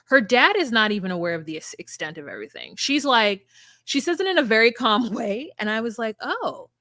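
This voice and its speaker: A woman co-hosting a podcast, retelling and reacting in casual chat, emphatic and animated, with frequent fillers. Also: fairly high pitch, brisk, no room sound, studio quality.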